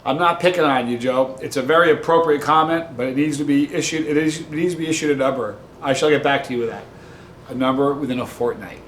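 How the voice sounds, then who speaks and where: A man's voice: medium pitch, fairly even intonation, quick pace, fairly bright tone. Chatty man in an echoey room. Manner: joking, chatty storyteller. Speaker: vlog host. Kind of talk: casual talk to camera. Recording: roomy echo with faint noise.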